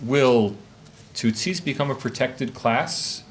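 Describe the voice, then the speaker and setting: A male academic, medium in pitch and slow in pace, gives a conference talk from notes to a live conference-room audience, and the recording carries a little hiss or hum. His lecture delivery is lively and full of questions.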